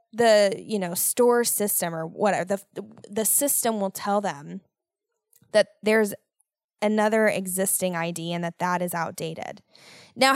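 A woman's voice: mid-range voice, no echo, studio quality. Profane, ranting young woman podcaster. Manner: profane, animated, exasperated ranting. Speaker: podcast host. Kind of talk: casual storytelling monologue.

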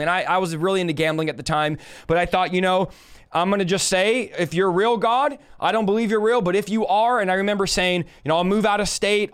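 Male preacher, 30s, high and resonant voice, emphatic live-stream testimony. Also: clean tone. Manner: fervent, emphatic storytelling with repeated phrases; talks straight to live viewers.

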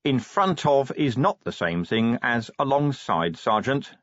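A man's voice: mid-range voice, animated, unhurried, dry recording, dull audio, pitched above the performer's own voice, natural voice. A man voicing a weary male city watch commander who talks in a dry, clipped, sardonic way.

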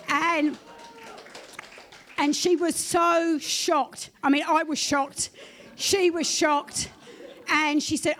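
Woman, high pitched, animated church testimony. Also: measured pace. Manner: animated storytelling, acts out her own quoted prayers. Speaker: pastor giving a testimony.

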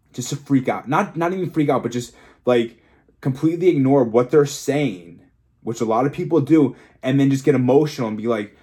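A man's voice: mid-range voice, dark tone. Young man, fitness coach, solo vlog, rambling, frank, emotional, swears a lot. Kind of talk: candid solo vlog monologue.

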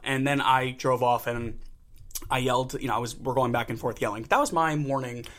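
Young male podcast co-host, bright tone, animated storyteller who acts out quotes. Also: mid-range voice, a little fast. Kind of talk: casual chat.

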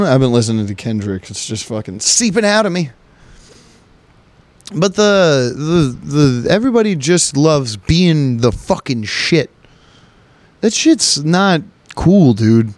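Guy riffing alone on his own podcast, swears a lot, jokey, mid-pitched voice, dry close mic. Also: lively intonation, measured pace, no room sound. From United States. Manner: profane, rambling, joking. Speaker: podcast host. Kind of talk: casual solo podcast monologue.

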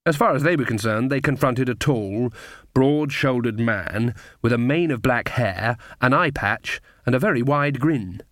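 Telling the story with measured wryness, a man narrates an audiobook in an ordinary male register. He's miked close in a dead-dry studio with no room sound or echo, and his tone runs fairly bright.

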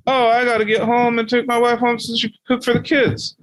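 Man playing a defensive, indignant grown driver, shouting higher than his own voice, exasperated. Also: monotone, a little fast. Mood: justifying. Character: irritated adult male driver, defensive and indignant.

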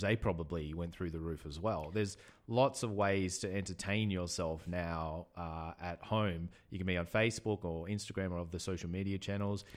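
A man from Australia, co-hosting a book podcast as a bookshop owner, talking casually and posing questions with many fillers. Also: low voice. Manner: questioning, debating, hesitant with fillers. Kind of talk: casual chat.

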